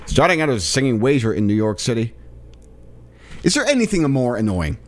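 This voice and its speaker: A man's voice: medium pitch, sing-song, fairly quick, pauses often. A tired man hosting a solo comedy podcast, riffing sarcastically on a news article and laughing at his own jokes. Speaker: podcast host.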